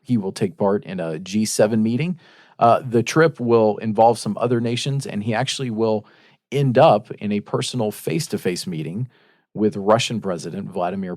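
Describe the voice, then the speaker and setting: Male podcast co-host, low register, relaxed news-reading delivery, close dry mic. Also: no room sound. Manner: relaxed, reads news reports aloud. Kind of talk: casual chat and reading news stories.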